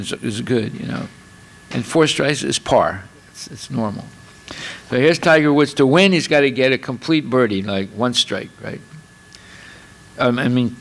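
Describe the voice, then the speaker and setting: A man's voice: medium pitch, creaky, fairly bright tone. A man giving a spiritual lecture, explaining in a chatty way with many fillers and repeated words, and acting out little scenes with exclamations. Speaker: speaker giving a scripture class.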